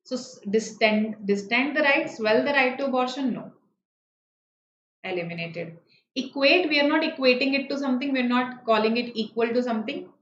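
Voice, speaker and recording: A woman's voice: sits high, moderate pace, fairly bright tone, echoey room, dull audio, slight background noise. A woman, teaching a live online vocabulary lesson, explaining words patiently and checking in with students often. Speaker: online exam-prep teacher.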